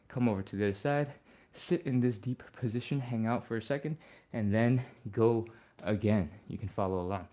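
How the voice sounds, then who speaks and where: Here a male instructor runs a live stretching class, speaking at a medium pitch. Relaxed and upbeat, he explains each move as he goes, and you can hear him sigh and breathe between his cues.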